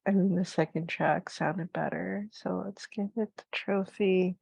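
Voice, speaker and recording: A woman reviewing tech in a casual, thinking-aloud way, drowsy and unhurried, hesitant with many fillers. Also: on the low side, fairly even intonation, vocal fry, darkish tone, breathy edge, dry recording, rough recording.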